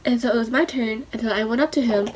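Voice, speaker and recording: A young woman telling a rambling, excitable story while doing her makeup for a vlog. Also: fairly high pitch, fast, slight background noise. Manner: rambling, excitable, lots of fillers. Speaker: beauty vlogger.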